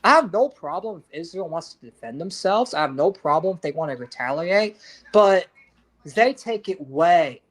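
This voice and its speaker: A man's voice: a little high, expressive, normal speed. Man ranting with profane anger. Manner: angry, profane ranting with restarts. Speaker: podcast co-host. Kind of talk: heated casual chat.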